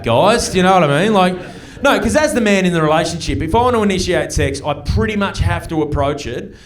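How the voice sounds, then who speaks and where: An Australian man doing a stand-up set in a comedy club, brash and conversational, swearing freely. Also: high-pitched. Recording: live audience laughter.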